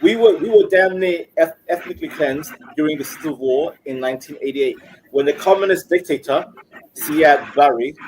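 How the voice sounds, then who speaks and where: A man's voice: on the high side, moderate pace, a little mellow, a little hiss or hum, low-quality recording. A man from Somaliland calling into a live stream, arguing heatedly and stuttering as his words rush out. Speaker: caller.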